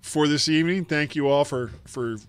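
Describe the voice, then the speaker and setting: Man, podcast host, casual chat, slightly high voice, dry close sound. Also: normal speed, clear, resonant tone, no room sound. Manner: laughs often, chatty and self-deprecating.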